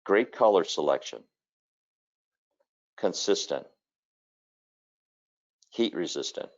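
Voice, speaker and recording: A man with a very low voice talks through a design webinar in a loose, conversational way, full of asides and stories. The audio sounds a little dull and lo-fi. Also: lively intonation, slow. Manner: conversational, storytelling with fillers. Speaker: kitchen designer. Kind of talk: webinar presentation.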